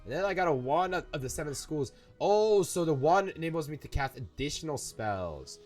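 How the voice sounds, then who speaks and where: A man's voice: a little high, animated, moderate pace, darkish tone. A young gamer talking through a fantasy game, rambling, playful and often stopping to fix his words. His voice rises and falls a lot. Faint game music plays underneath. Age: young adult. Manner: rambling, self-correcting, playful. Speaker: gaming YouTuber. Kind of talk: let's play commentary.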